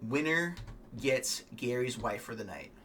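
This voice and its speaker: A man giving casual, rambling, opinionated fight commentary, swearing often and filling pauses with ums. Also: medium pitch, lively intonation, fairly bright tone, a little hiss or hum. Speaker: MMA fan vlogger.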